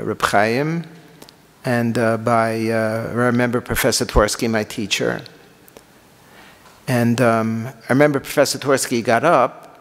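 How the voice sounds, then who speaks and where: Rabbi reading texts in a reverberant hall. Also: male voice, medium pitch. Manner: halting, with many fillers and restarts. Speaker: rabbi teaching a text class. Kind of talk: lecture reading and translating Hebrew and Aramaic texts.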